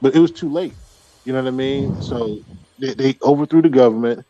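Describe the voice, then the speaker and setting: A man's voice: medium pitch, a little fast, dark tone, a little hiss or hum. Rambling man in casual chat, lo-fi sound. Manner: rambling, many restarts and fillers. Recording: dull lo-fi audio.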